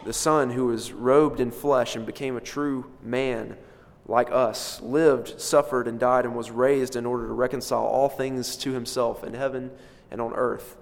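A man preaching an expository sermon with emphatic delivery, rising for stress and dropping low for quiet points. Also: steady tone, measured pace, vocal fry, hardly any pauses. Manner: emphatic, swells and drops in loudness for stress. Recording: long reverb of a large hall.

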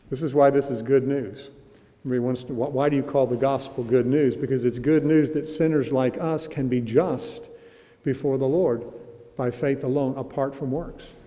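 A man teaching a Bible study in a conversational way, with restarts and slow, emphatic quotes of scripture. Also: medium pitch, fairly even intonation, mellow, long reverb tail.

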